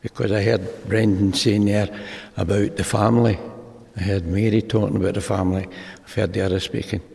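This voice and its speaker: An older Scottish man shares his testimony in a big meeting hall. His voice is low and gravelly, and it rings out in a long reverb. He rambles from one anecdote to the next and acts out each exchange. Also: flat delivery, brisk, a little mellow. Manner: rambling storyteller who acts out the dialogue. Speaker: speaker sharing at a recovery meeting. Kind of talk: personal testimony talk.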